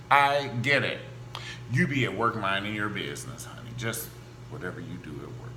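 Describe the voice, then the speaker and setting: A man hosting a gossip show, talking in a campy, animated style full of asides and exaggerated voices. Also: lowish voice, normal speed. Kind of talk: casual celebrity gossip monologue. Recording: echoey room with faint hum.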